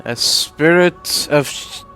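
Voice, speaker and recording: A man's voice: a little high, drawn-out words, sharp tone, smooth, faint music behind, exaggerated voice. An actor voicing a wry male adventuring companion with a dry, drawling manner in video game dialogue.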